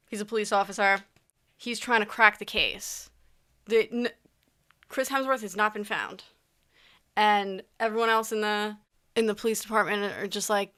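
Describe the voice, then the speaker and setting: A woman's voice: medium pitch, steady tone, normal speed, pauses often, pushed and bright, clear, resonant tone. A young woman vlogging in a casual, rambling chat, often restarting her sentences. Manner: chatty, rambling, with frequent restarts and asides.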